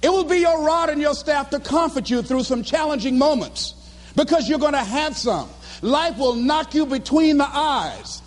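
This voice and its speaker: A man giving a live motivational speech in a fervent, preacher-like cadence, often breaking into shouts. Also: extremely high pitch, animated, normal speed, long reverb tail. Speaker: motivational speaker.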